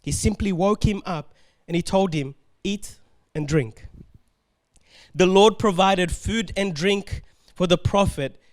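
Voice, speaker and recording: A man preaching a sermon as pastor, animated and laughing often as he acts out the complaints of the figures he talks about. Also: sits high, measured pace.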